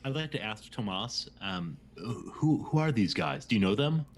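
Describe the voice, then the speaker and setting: A man's voice: lowish voice, very animated, moderate pace, a little hiss or hum. A man playing a tabletop game, playful and slipping into a polite, formal in-character tone. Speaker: player.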